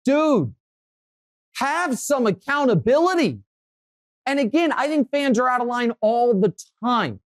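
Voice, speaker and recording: A male sports talk host chatting casually in a dry studio with no room echo. He tells stories with animation and pushes his voice higher as he gets fired up. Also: measured pace. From Kansas City area, USA. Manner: animated storytelling, voice rising when worked up.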